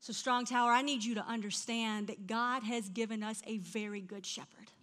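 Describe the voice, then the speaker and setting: A middle-aged woman preaching a sermon, telling stories in an animated way that drops to a hush and rises to loud outbursts. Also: a little high, moderate pace. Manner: animated storytelling, swings from hushed to loud.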